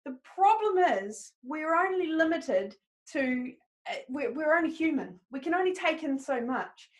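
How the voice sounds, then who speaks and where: High-voiced upbeat New woman trainer. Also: expressive, unhurried. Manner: upbeat, encouraging, talks straight to the audience. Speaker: presentation skills trainer. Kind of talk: live webinar teaching.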